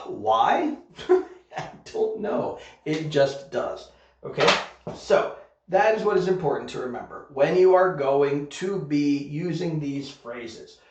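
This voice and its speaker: Male online ESL teacher, slightly high voice, deliberate pace, distant dull mic in an echoey room. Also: animated, darkish tone. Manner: slow, deliberate, checks in with "okay?". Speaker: English teacher. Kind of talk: recorded online grammar lesson.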